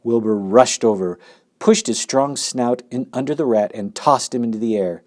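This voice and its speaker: Male narrator, expressive storybook reading. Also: medium pitch, moderate pace.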